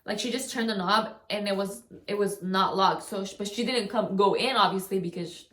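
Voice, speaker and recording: A young woman rambles through a storytime vlog at a middle pitch, full of "like" and half-finished sentences. Her voice bounces around a roomy, echoey space. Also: normal speed, fairly bright tone. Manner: rambling, heavy use of "like", frequent restarts. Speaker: vlogger. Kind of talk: casual storytime. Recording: roomy echo.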